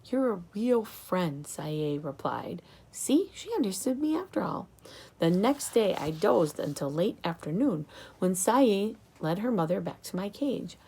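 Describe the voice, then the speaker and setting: A woman narrating a children's book in an expressive storytelling manner. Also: fairly low pitch, measured pace, vocal fry, slightly rough. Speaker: audiobook reader.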